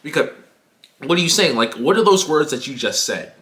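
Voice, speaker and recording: A man putting on the voice of a polite, patient female language teacher gently questioning a student. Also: fairly high pitch, lively intonation, a little fast, pitched below the performer's own voice.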